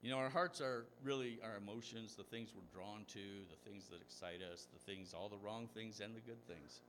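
A man's voice: fairly low pitch, normal speed, a bit bright, a little hiss or hum. A man preaching a sermon as pastor, telling stories and asking rhetorical questions, his voice rising for emphasis.

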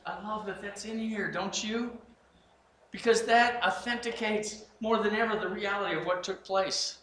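A man preaching a sermon in an animated way, acting out scenes, in an echoey room. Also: high-pitched, moderate pace. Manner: animated, acts out scenes, frequent restarts. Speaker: pastor.

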